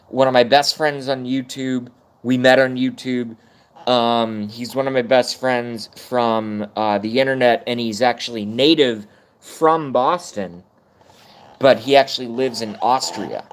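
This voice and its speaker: A middle-aged man ranting casually on a livestream, rambling and swearing while chatting with viewers. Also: mid-range voice. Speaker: livestream host.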